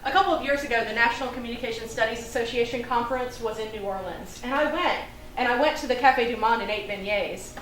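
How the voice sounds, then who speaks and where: A woman's voice: on the high side, quick pace, fairly bright tone. A woman performing a live solo theatre monologue in a chatty, confiding way, laughing at her own stories. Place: theatre stage before an audience. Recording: roomy, distant stage recording with faint noise.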